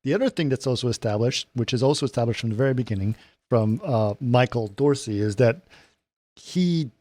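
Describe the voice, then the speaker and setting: A man's voice: medium pitch, brisk, darkish tone, no room sound. A man co-hosting a casual film podcast, recapping the plot step by step and often agreeing with his partner. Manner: plot recaps with fillers and restarts, frequent agreeing "right". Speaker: podcast co-host.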